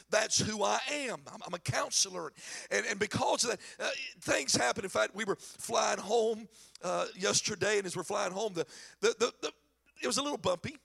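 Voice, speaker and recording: A middle-aged man preaching a sermon in a church, telling stories with animated, shouted emphasis. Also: sits high, normal speed, creaky, breathy edge. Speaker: pastor.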